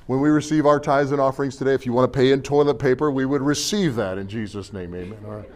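A man's voice: mid-range voice, fast talker. A middle-aged man preaching a sermon as pastor, folksy and jokey, tossing in amens and rhetorical questions.

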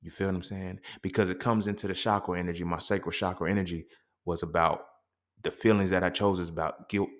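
A young man hosting a podcast, telling a personal story in a profane, animated, slangy monologue. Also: deep voice, fast. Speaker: podcast host.

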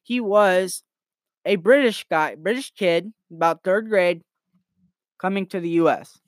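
A man's voice: high-pitched, measured pace, no echo, clean studio sound. A nineteen-year-old man telling crude jokes and rambling on a casual comedy podcast from his bedroom. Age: late teens. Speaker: podcast host.

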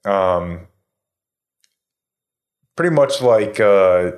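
A man's voice: fairly low pitch, lively intonation, very slow. A man in his thirties telling a story in casual chat, rambling with lots of fillers and swearing. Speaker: podcast host telling a story.

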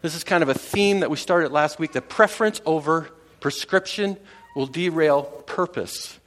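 A man's voice: fairly high pitch, moderate pace, fairly bright tone. A man preaching a casual sermon to his congregation, talking conversationally with many fillers and restarts and chuckling at his own jokes. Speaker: pastor.

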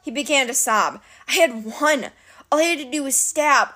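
A woman narrating an adventure story in an expressive, dramatic reading. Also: sits high, normal speed. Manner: animated, dramatic. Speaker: audiobook narrator.

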